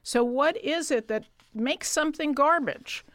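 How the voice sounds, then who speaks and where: A woman co-hosting a philosophy radio talk show, breaking in with probing, crisp questions. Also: sits high, a little slow, a bit bright, no echo. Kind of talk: interviewing on radio.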